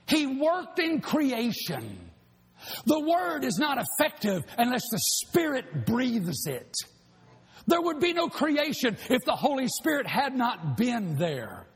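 A man preaching a sermon, shouting at times and rushing through asides. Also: very high-pitched, slightly rough. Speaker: pastor. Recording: long hall reverb.

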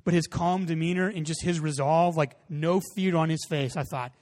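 A pastor preaching a sermon, telling a lively personal story and acting out the voices in it. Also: male voice, fairly high pitch, normal speed, few pauses. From Texas. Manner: animated storytelling, acts out voices. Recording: long hall reverb.

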